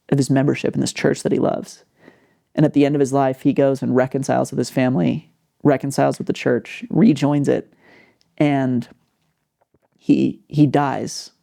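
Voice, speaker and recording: Gravelly, dark-voiced man telling a story. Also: mid-range voice. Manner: animated, filler-heavy storytelling. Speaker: podcast host. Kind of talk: casual storytelling.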